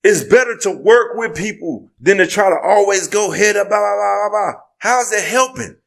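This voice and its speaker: Male podcast co-host, fairly high voice, heated, profane, prone to outbursts. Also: lively intonation, normal speed, vocal fry, fairly bright tone. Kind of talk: casual podcast talk.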